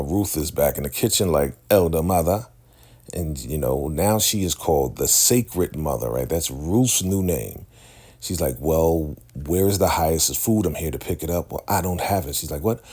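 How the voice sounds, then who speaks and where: Gravelly low-voiced man recapping casually. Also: a little mellow. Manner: loose, chatty retelling that acts out the characters' lines. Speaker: TV recap host.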